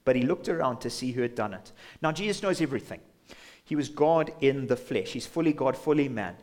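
A man's voice: mid-range voice, animated, fairly quick, darkish tone. A man preaching a sermon as pastor in a church, passionate, sometimes acting out imagined voices. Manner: impassioned, acts out imagined inner voices.

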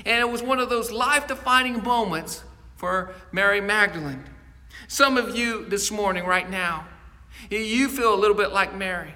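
A man's voice: high voice, moderate pace, sharp tone, in a large hall. A male pastor preaching a sermon in an earnest storytelling manner, often repeating words as he goes.

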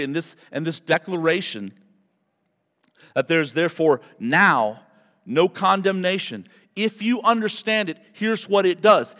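A man with a high voice preaches a sermon, dropping to quiet asides and then rising to loud, emphatic declarations. His words carry a long reverb, as if spoken in a large church hall. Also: measured pace. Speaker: pastor.

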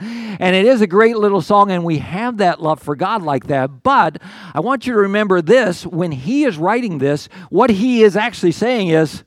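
An older man preaches in an earnest, conversational way, stumbling and restarting as he works through his points. His voice sits high for a man, and the sound is dry and close with almost no room around it. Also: expressive, moderate pace, no room sound. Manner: conversational, earnest, with many restarts and acted quotes of the psalmist. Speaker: pastor. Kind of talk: sermon.

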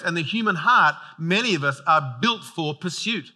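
A pastor preaches in a relaxed, conversational style, slipping in humorous asides at a moderate pace with few pauses. His voice is very bright and ringing, sitting slightly high for a man.

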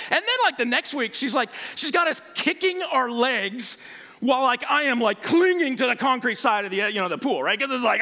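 A man preaching a sermon, telling a personal story in an animated way and acting out voices. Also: very high-pitched, normal speed.

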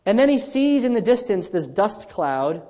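A man's voice: sits high, big pitch swings, normal speed, mellow, big-room sound. A man pastor preaching a sermon in a conversational storytelling way, often restarting his sentences.

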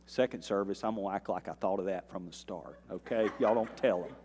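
A male pastor preaching a sermon, swinging between quiet earnest passages and loud, rising bursts, with folksy asides to the congregation. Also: low voice, brisk. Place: church sanctuary. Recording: long reverb of a church hall.

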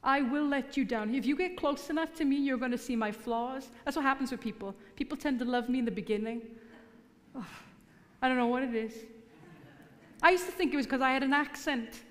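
A woman's voice: high-pitched, a little fast. A middle-aged woman preaching a sermon in church, mixing earnest appeals with teasing humor. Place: church hall. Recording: long hall reverb.

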